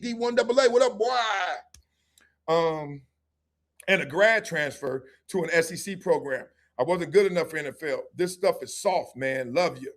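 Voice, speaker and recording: A man, hosting a livestream and telling lively stories, acting out voices and laughing often. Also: high-pitched. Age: 50s. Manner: animated storyteller, acts out voices, laughs often. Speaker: show host. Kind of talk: livestream storytelling and chat.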